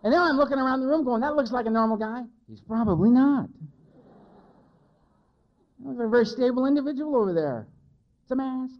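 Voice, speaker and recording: His pitch is extremely high, his intonation lively, and he moves briskly while pausing often. The man is testifying at a recovery meeting, candid and poking fun at himself in front of a live crowd. Audio quality is lo-fi and dull.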